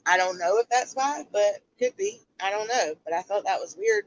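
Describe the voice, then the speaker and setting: A woman's voice: medium pitch, huge pitch swings, moderate pace, hardly any pauses, no room sound, dull audio. Blunt woman on a livestream. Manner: blunt, rhetorical questions to viewers. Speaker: livestream commentary host. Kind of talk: casual livestream commentary.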